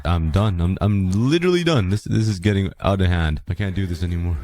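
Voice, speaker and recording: A young man hosting a gaming channel, giving casual gameplay commentary in an excitable, exasperated, dramatic way. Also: low voice, brisk, no room sound.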